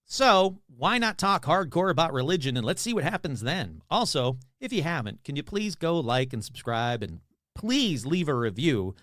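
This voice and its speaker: A male podcast host talks off the cuff in a rambling, self-mocking way, his voice springing up and down all the time. His pitch sits a little high for a man. The sound is dry and close, with no room around it. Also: very animated, normal speed, a bit bright, no echo. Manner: chatty, rambling, self-deprecating. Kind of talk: casual podcast monologue.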